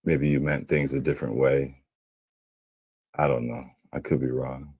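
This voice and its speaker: A man's voice: very deep voice, little pitch movement, moderate pace, a little mellow, breathy edge, no echo, studio quality. A man in a video clip speaking in a hesitant, musing way.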